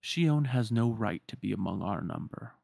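A man voicing a cold, contemptuous male superior from a game, speaking slowly and clipped. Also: lowish voice, expressive, gravelly, mellow, no room sound, clean studio sound, exaggerated voice.

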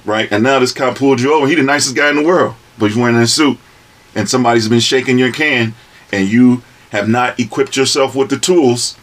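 Man talking through a parenting story. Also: medium pitch. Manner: relaxed, uses everyday analogies. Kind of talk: casual group chat.

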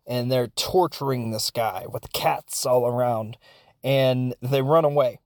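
A man's voice: medium pitch, fairly even intonation, measured pace, darkish tone. A man recapping a foreign film in a rambling, jokey way with lots of asides. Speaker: film reviewer.

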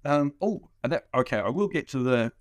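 A man's voice: medium pitch, no room sound, studio quality. A man hosting a casual podcast chat, playful and rambling, often restarting his sentences. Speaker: podcast host.

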